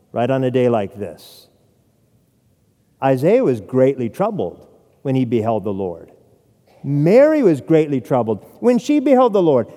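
Animated preacher in a reverberant sanctuary. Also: male voice, sits high. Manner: animated preaching with rhetorical "right?" asides. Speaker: pastor. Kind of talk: sermon. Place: church sanctuary. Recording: long hall reverb.

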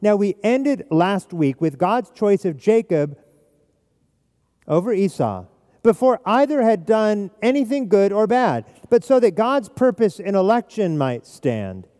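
Male pastor, high voice, mellow tone, emphatic, repeats key points, long hall echo. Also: very animated, measured pace. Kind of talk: expository sermon.

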